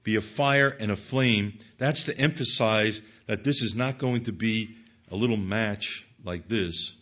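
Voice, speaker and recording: A man's voice: lowish voice, a bit bright, slightly rough. A man giving an expository Bible teaching, reading scripture aloud and stressing points emphatically to his listeners.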